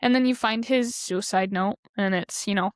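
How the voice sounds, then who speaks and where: A woman's voice: mid-range voice, normal speed, no room sound. Earnest woman in her twenties, guest sharing her story, filler-heavy, dry studio sound. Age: 20s. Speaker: podcast guest. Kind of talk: candid personal storytelling.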